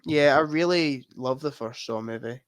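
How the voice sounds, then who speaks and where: A man's voice: medium pitch, normal speed, no echo, clean studio sound. A man co-hosting a podcast, quizzing his friend on movies in casual chat and laughing as he gives clues. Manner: laughs while giving clues. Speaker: podcast co-host quizzing a guest.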